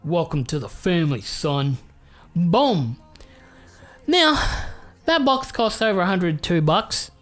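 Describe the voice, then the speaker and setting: A young Australian man chatting casually and excitably while opening trading cards, swearing freely and rambling. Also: sits high, slow pace, pauses often, faint music behind. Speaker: YouTuber. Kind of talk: casual card-unboxing chat.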